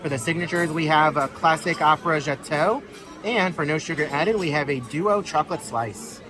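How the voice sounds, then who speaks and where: A chatty, upbeat man narrating his cruise vlog on a handheld camera. Background music plays clearly, and a crowd chatters around him as he talks straight to his viewers. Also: on the high side, normal speed. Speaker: cruise vlogger, channel host. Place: aboard a cruise ship, indoors. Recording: busy ship venues with music and crowd chatter behind.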